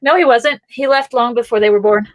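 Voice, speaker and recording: A woman's voice: a little high, a little fast. A woman co-hosting a podcast in casual chat, teasing her co-host and laughing easily.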